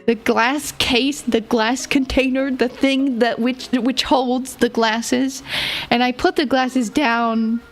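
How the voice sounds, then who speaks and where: A young woman streamer with a somewhat high voice, rambling through a casual story at an unhurried, drawn-out pace. She giggles often between her thoughts, and faint music plays behind her. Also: steady tone. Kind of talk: casual livestream chat.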